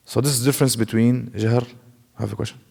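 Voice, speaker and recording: A man's voice: mid-range voice, steady tone, fast talker, creaky, dark tone, in a large hall. A man teaching a classroom lecture, explaining carefully, demonstrating sounds himself and asking the class rhetorical questions. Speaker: Quran recitation teacher. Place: mosque classroom.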